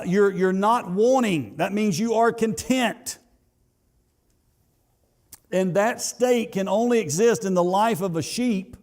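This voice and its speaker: A pastor preaching a sermon in a church, building to emphatic peaks and then dropping to soft asides, with some halting repeats. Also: male voice, high voice. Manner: halting repetitions. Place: church sanctuary.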